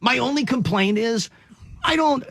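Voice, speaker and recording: A man hosting a morning radio interview, asking halting questions with many restarts. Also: very high-pitched, expressive, a bit bright, slightly rough, dry recording. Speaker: radio host.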